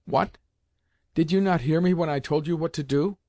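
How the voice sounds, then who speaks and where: A man's voice: mid-range voice, normal speed, a little mellow, no echo, clean studio sound, close to an everyday voice. A man reading the part of a stern, reproachful old aristocratic grandmother, with raised, emphatic scolding delivery.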